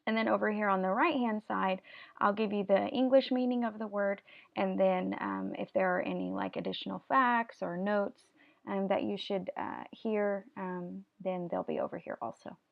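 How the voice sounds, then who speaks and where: A woman's voice: medium pitch, steady tone, normal speed, vocal fry, muffled recording. A woman teaching a Spanish vocabulary lesson, patiently explaining each word step by step and having students repeat after her. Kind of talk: classroom video lesson.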